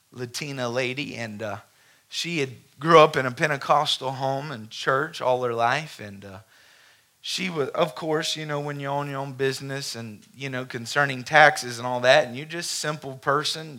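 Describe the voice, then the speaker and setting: A man's voice: medium pitch, bright, forceful tone. A man pastor preaching a sermon to a congregation, telling a story and calling for an amen. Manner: impassioned preaching, calls for amen. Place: church sanctuary before a congregation.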